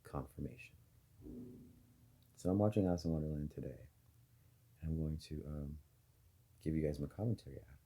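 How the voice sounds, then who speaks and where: A man with an extremely low, husky voice talks straight to his viewers in a loose monologue. His tone is dark and mellow, and he wanders from thought to thought, pausing on fillers and restarting sentences. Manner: rambling, speculative, many fillers and restarts. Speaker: video host. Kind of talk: casual monologue to camera.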